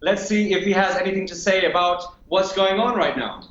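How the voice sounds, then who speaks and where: A man's voice: high-pitched, lively intonation, a bit bright, echoey room, highs cut off. A man who is a guest impressionist, upbeat, introducing his characters one after another. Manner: upbeat, quick hand-offs between characters. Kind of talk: comedy impressions over video call.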